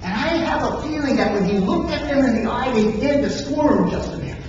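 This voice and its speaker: A preacher delivering a sermon as dramatic storytelling, with emphatic pauses. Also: sits high, lively intonation, noisy background. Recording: echoey hall from far off, dull and lo-fi.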